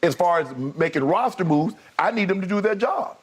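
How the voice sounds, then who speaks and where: A man co-hosting a sports debate show, excitable and animated, often quoting players in a raised voice and laughing. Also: sits high, a little fast, slightly rough.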